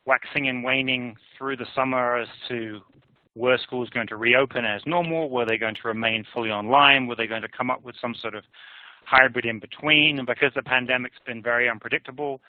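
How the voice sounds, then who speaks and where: A man giving a measured, analytical conference presentation on survey findings. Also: medium pitch, no echo. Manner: measured, analytical, hedges with "I would argue". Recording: tinny phone-like dry audio.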